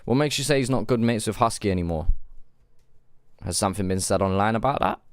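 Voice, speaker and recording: A man streaming live, giving blunt, casual reactions to a track, swearing freely and thinking out loud. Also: on the low side, quick pace, no room sound, studio quality.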